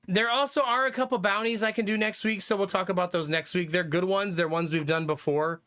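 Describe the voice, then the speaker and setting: Young guy streamer rambling to chat, kinda high bright voice, lots of ums. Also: a little fast. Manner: rambling, thinking aloud, frequent fillers and laughs. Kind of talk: casual live-stream chat with viewers.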